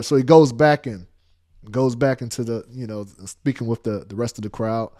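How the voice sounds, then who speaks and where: A man telling a story in a casual monologue, repeating phrases for emphasis. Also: moderate pace. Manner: animated, acts out quotes with big pitch jumps.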